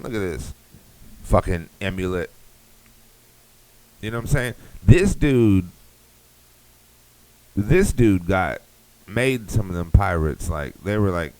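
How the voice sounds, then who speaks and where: A young man with a deep, low voice hosts a podcast and riffs through a crude comic rant. He rambles, swears freely and keeps circling back to the same catchphrase. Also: animated, unhurried, long pauses, rough recording. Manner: rambling, profane, riffing. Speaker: podcast host.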